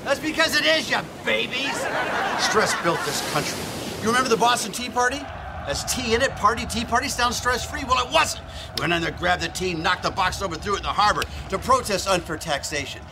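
A man playing a brash macho outdoor-store pitchman in a comedy ad sketch, blustering and mocking. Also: lively intonation, brisk, creaky, crowd noise, noisy background.

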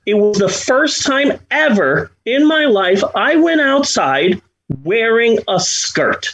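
A middle-aged man hosts a podcast, his voice pitched extremely high with big swings, slightly bright, and delivered slowly. He chats casually, rambling and poking fun at himself while restarting often. The recording quality is low.

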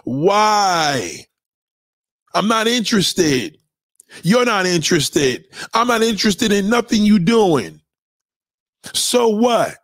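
A man hosting a livestream, ranting loudly and profanely and mocking people with quoted voices. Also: sits high, big pitch swings, slow pace, pauses often, no echo, clean studio sound. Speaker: livestream host.

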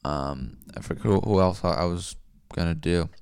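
A man's voice: deep voice, normal speed, darkish tone, clear, resonant tone. A man streaming live, rambling profanely and forgetfully between comic bits. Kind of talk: casual ranting livestream.

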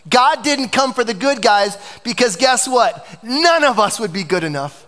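A man's voice: very high-pitched, animated, moderate pace, hardly any pauses, pushed and bright, in a large hall. A man preaching a sermon as pastor, passionate and emphatic, in a church sanctuary.

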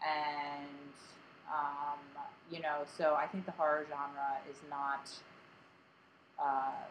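Low-voiced rambling woman podcast host. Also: fairly bright tone, dull audio, slight background noise. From Delaware County, Pennsylvania. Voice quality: grating voice. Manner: rambling, filler-heavy, self-deprecating. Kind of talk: casual podcast chat.

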